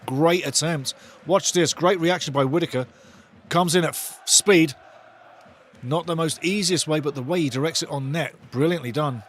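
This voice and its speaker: A man giving excitable, chatty live football commentary as host of a fan watch-along. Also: a little high, moderate pace, slight background noise.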